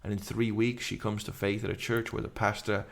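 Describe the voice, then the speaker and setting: Gravelly man telling his story fast. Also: lowish voice, flat delivery, fairly bright tone. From England. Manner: earnest, rapid run-on storytelling. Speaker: guest, urban missionary. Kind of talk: candid personal testimony.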